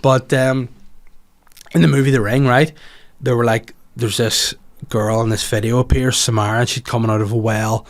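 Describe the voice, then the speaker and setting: Rambling Northern Irish comic podcast host. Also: male voice, medium pitch, normal speed. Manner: animated, rambling, jokey with swearing. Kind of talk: casual comedic monologue.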